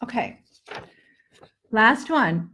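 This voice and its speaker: A woman's voice: on the high side, big pitch swings, very slow, sharp tone, slight background noise. A woman teaching English pronunciation in a live online lesson, joking between drills and exaggerating sounds to show the difference. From Netherlands-based. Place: home, indoors.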